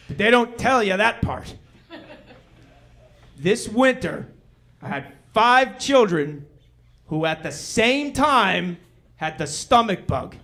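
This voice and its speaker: A middle-aged man performs stand-up in a comedy club, his voice pitched very high. He tells his stories in a laid-back drawl, then suddenly bursts into loud, shouted outrage. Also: sing-song, slow. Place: comedy club stage with audience laughter.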